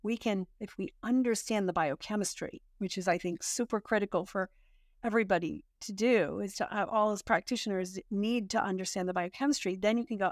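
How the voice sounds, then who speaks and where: A woman's voice: medium pitch, a little fast, no room sound, studio quality. Upbeat woman hosting a podcast. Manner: upbeat, affirming. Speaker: podcast host. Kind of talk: podcast interview.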